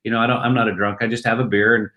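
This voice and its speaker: A middle-aged man, a guest from a crypto company, talking excitedly in an interview and acting out snippets of conversation. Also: on the low side, rapid-fire. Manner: excited, acts out bar chatter in voices. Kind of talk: animated interview talk.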